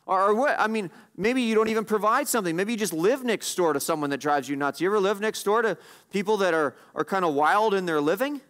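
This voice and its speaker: Pastor, male, high-pitched, earnest sermon delivery, questions the congregation, slows to stress scripture. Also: a bit bright. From Canada.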